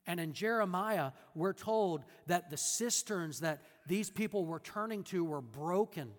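High-voiced preaching man in a reverberant hall. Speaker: pastor. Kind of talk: sermon.

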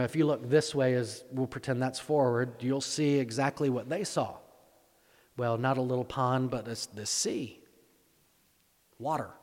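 A male pastor preaching a conversational sermon, full of rhetorical questions and repeated words. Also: a little high. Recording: echoey hall.

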